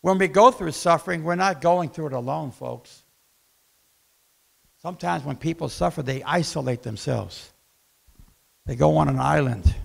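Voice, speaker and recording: A man preaching a sermon as pastor in a church, swinging between loud outbursts and hushed asides and acting out voices in quoted dialogue. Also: fairly high pitch, moderate pace, gravelly, pauses often.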